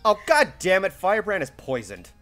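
Guy streaming a game, super animated voice, swears a lot, bit of game music under it. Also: high voice, moderate pace. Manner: excitable, swears freely, laughs often. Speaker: let's play streamer. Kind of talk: casual gameplay chat.

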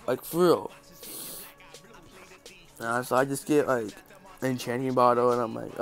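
A man's voice: medium pitch, fairly even intonation, unhurried, long pauses, faint music behind. A man with a stuffy, congested nose giving casual, joking and sarcastic game commentary. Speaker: gaming channel host.

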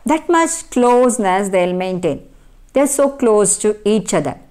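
A woman's voice: mid-range voice, lively intonation, a little slow, darkish tone. A woman teaching an English textbook lesson with an Indian English accent, asking herself questions and answering them, repeating key phrases. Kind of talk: classroom lecture explaining a textbook lesson.

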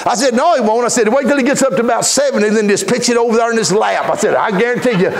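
A middle-aged man preaching a folksy storytelling sermon in church, building from easy anecdote into shouted fervor. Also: very high-pitched, quick pace, hardly any pauses, a loud crowd, heavy background noise. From Texas.

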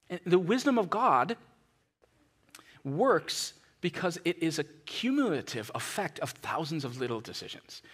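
A middle-aged man preaching a sermon in a church, conversational and animated, acting out little scenes. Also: on the high side, breathy edge. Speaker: pastor.

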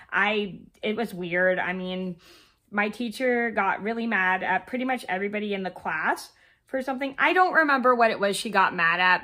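A woman in her thirties, hoarse and scratchy from a cold, rambling through a casual storytime while she crochets, with many fillers and restarts. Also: mid-range voice, pushed and bright. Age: 30s. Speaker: vlogger.

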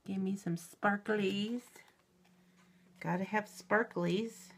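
Middle-aged woman vlogger, unhurried, giggly and gushing, faint hiss and paper crinkle behind. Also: mid-range voice, steady tone. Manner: gushing and giggly, exclaims often. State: shaky with excitement. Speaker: YouTube reviewer. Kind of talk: unboxing vlog. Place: at home.

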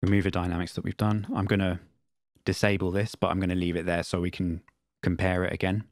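A man teaching music production in a screen-recorded software tutorial, explaining in a plain, matter-of-fact way. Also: sits low, little pitch movement, quick pace, dry recording, clean studio sound.

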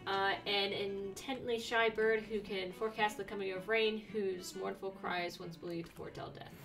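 A young woman streaming a video game, chatting excitedly to herself and breaking into sudden squeals. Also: medium pitch, moderate pace, recorded from a distance, music in the background. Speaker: let's play streamer. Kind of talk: casual gameplay commentary.

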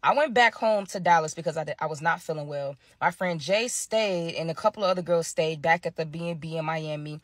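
A woman's voice: low voice, brisk, few pauses, no room sound, studio quality. Young woman dramatically telling a story. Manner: animated, slangy, dramatic retelling. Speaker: storytime vlogger. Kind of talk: casual storytime.

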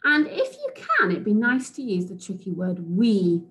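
A woman teacher from England giving a recorded phonics lesson to young children, sounding out letters slowly and praising them. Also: medium pitch, wildly swooping pitch, low-quality recording. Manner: slow, sing-song, sounds out letters and praises. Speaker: reception class teacher.

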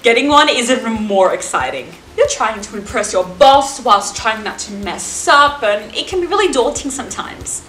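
A woman's voice: a little high, very animated, moderate pace, hardly any pauses, fairly bright tone. A young woman, hosting a scripted comedy vlog in a chatty, upbeat way from a room at home. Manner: chatty and upbeat, with bursts of laughter. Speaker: vlogger. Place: room at home, late at night. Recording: echoey room with faint hiss.

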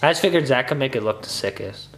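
A teenage boy vlogging casually in his bedroom, excited and slangy, saying "like" a lot. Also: medium pitch, quick pace, slight background noise. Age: teens. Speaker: YouTube vlogger and streamer. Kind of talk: casual vlog chat. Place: bedroom with a streaming setup, indoors.

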